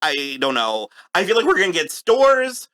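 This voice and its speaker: A man co-hosting a podcast, chatting casually in a review, halting and laughing often. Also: sits high, wildly swooping pitch, pushed and bright. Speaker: podcast co-host.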